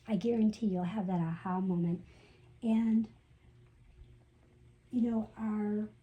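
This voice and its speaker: A woman speaks in a gentle, reassuring way, giving casual spiritual guidance with lots of chatty fillers. Her voice is very dark and mellow, and she takes her time at an unhurried pace. A faint hiss of noise sits under the recording. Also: medium pitch, low-quality recording. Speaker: spiritual channel host giving astrology messages.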